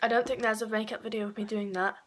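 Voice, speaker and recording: A woman, chatting casually through a makeup tutorial with frequent fillers and quick self-corrections. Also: fairly high pitch, flat delivery, background noise. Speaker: beauty vlogger.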